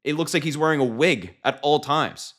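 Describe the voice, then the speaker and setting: A man's voice: on the high side, moderate pace, fairly bright tone. A man giving sarcastic, incredulous political commentary and mocking what he has just played.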